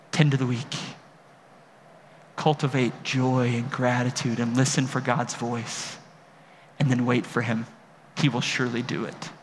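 A man preaching a sermon as pastor, impassioned, moving between quiet reflection and emphatic calls. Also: medium pitch. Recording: long hall reverb, faint room noise.

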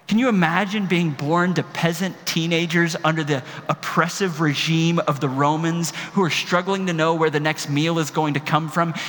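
A man preaching a sermon as pastor, impassioned, moving between quiet reflection and emphatic calls. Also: fairly high pitch. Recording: long hall reverb, faint room noise.

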